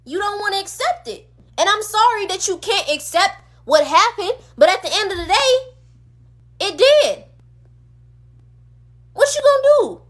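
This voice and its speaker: A woman's voice: extremely high pitch, animated, normal speed, fairly bright tone. A woman on a phone livestream, delivering an impassioned rant full of emphatic, repeated rhetorical questions. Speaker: streamer.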